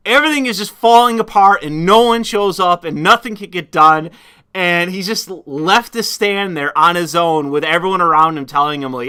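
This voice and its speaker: A man hosts a casual stream chat, rambling along with plenty of fillers and restarts. His voice sits high and has a bright, sharp edge. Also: moderate pace, clean tone. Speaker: stream host.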